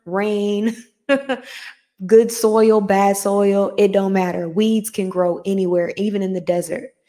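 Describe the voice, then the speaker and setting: A woman's voice: mid-range voice, a little mellow. Earnest woman hosting a live motivational talk. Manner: earnest, repetitive, greets live viewers. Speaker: podcast host.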